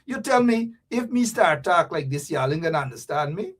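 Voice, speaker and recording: A man with a Guyanese accent hosting a fiery political talk show, shouting, mocking and repeating himself for effect. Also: fairly high pitch, moderate pace, husky, distant mic. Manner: animated, shouting, mocking, repetitive.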